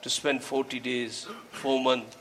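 In a level, mid-range voice and at a measured pace, a man preaches over a little hiss or hum. He tells a story with earnest exhortation, mixing Urdu and Arabic religious vocabulary into English, and gets louder when urging his hearers.

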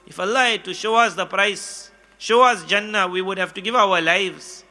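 Male preacher, high voice, very bright tone; chatty storyteller who acts out dialogue. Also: moderate pace. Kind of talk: storytelling sermon.

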